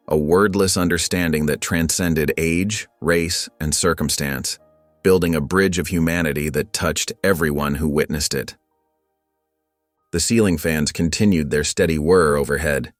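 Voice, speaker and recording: A man narrating a scripted story in a solemn, even manner. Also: a bass voice, dry recording.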